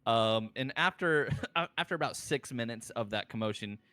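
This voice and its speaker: A man narrating a tabletop role-play game in a halting, giggly way. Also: mid-range voice, expressive, bright, forceful tone, smooth, no echo. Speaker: game master.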